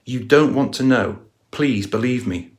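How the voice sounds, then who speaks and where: A man's voice: mid-range voice, a little slow, a little mellow, close to an everyday voice. A man reading the lines of a troubled man lying on a pavement, who pleads to be left alone and won't say why. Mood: pleading. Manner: pleading, withholding.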